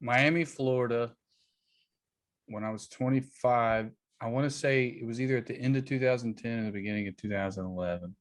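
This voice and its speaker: A man's voice: medium pitch, a little fast. A man in his thirties, a guest comedian in a casual podcast chat, teasing and dry as he tells stories.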